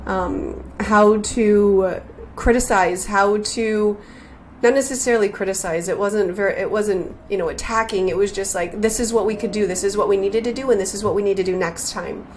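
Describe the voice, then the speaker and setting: A woman hosting a spiritual podcast, speaking slowly and earnestly in a heartfelt, reflective way, often repeating her phrases. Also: medium pitch, a little mellow, a little hiss or hum. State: emotional, near tears.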